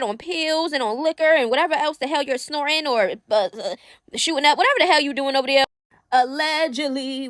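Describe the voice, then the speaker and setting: A high-voiced woman runs casual gossip commentary straight to her viewers, sassy and full of slang. She keeps calling the audience "y'all" and "child" as she talks. The sound is close and dry, with no room around it. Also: fairly bright tone, dry recording.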